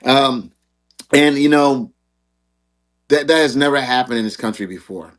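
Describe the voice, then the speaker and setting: A man's voice: medium pitch, measured pace, fairly bright tone. A man hosting a casual online panel discussion, rambling, repeating words and laughing at himself. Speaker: show host.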